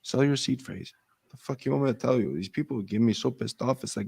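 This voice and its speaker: A man's voice: mid-range voice, fairly quick, vocal fry, darkish tone, breathy edge, dry recording. A man co-hosting a casual crypto chat show, ranting with lots of profanity and mocking put-on voices. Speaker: podcast co-host.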